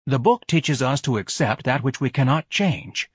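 A man's voice: mid-range voice, animated, moderate pace, breathy edge, no echo, clean studio sound, pitched above the performer's own voice. A man voicing a pompous, fussy grown man who speaks in lofty, formal phrases. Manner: haughty, lofty, fussy diction, shrieks when upset.

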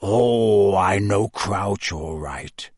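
Man reading as a brooding outlaw wizard, low and measured, bitter edge, dry close sound. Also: big pitch swings, fairly bright tone, slightly rough, no echo, exaggerated voice. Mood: grim. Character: grim, brooding adult male wizard fugitive.

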